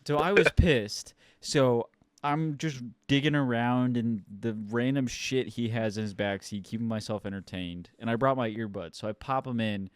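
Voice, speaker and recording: A man's voice: mid-range voice, moderate pace, clear, resonant tone, no echo. A young man from Ohio, co-hosting a podcast and telling a story in an exasperated, swearing, casual way. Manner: swears a lot, animated and exasperated. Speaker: podcast co-host.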